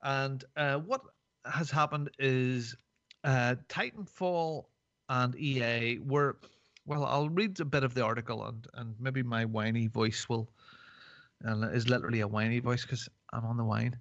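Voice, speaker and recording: A man's voice: medium pitch, steady tone, a little slow, a bit bright, dry recording. A man hosting a podcast in casual chat, rambling and jokey with lots of fillers. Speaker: podcast host. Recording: dull, dry podcast mic.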